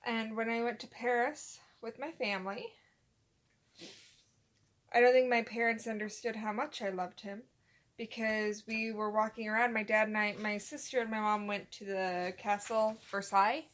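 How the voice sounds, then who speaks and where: A young woman co-hosting a casual podcast with her partner. Her voice sits a little high, and she rambles through her stories, acting out what people said along the way. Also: little pitch movement, moderate pace, a bit bright. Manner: rambling storyteller, acts out quotes. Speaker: podcast co-host.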